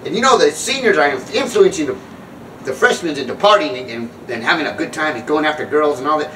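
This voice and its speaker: A man's voice: on the high side, lively intonation, fairly quick, a bit bright, far from the mic, slight background noise, poor audio. A man in his sixties telling a rambling, self-mocking comic story about his past, often breaking off and starting over. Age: 60s. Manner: rambling, self-mocking, jumps back and restarts. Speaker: comedic speaker on sobriety. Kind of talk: comedic storytelling monologue.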